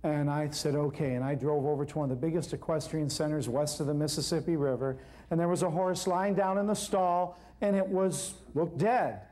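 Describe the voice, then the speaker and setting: Man, high voice, animated storyteller, lecture to a live audience. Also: a little fast. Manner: animated, acts out the people in his story. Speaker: herbal healer telling a story on stage.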